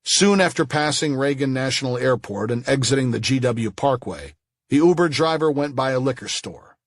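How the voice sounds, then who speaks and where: A man reading a thriller audiobook in a measured storytelling manner. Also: medium pitch, expressive, no room sound. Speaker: audiobook narrator. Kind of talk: scripted thriller narration.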